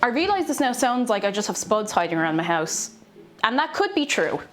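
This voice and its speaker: A woman's voice: on the high side, sing-song, a little fast. An Irish woman in casual livestream chat while cooking, chatty and self-mocking, greeting viewers by name. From Ireland. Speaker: streamer. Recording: faint background music.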